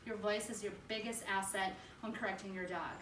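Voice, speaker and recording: A woman dog trainer who explains a hands-on training session step by step and breaks off for sharp, firm commands to the dog. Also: mid-range voice, fairly even intonation, brisk, background noise. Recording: echoey room with faint ambience.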